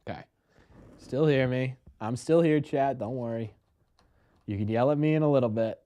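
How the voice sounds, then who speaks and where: A man's voice: mid-range voice, moderate pace, mellow. A young man hosting a casual live stream, rambling, self-mocking and laughing often.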